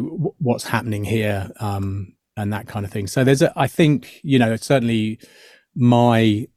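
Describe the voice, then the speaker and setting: A man's voice: lowish voice, darkish tone, no echo, clean studio sound. A middle-aged man, an actor guest on a podcast, explaining his craft thoughtfully with many fillers and restarts. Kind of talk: podcast interview.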